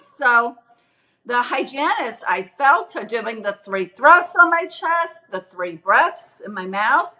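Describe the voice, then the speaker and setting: A middle-aged woman earnestly retelling her near-death experience in casual testimony, acting out the quoted voices with big jumps in pitch. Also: lively intonation, slow pace, sharp tone, low-quality recording.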